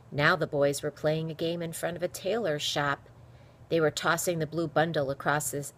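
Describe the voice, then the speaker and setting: A woman reading a children's novel aloud with expressive storytelling. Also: sits low. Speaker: reader.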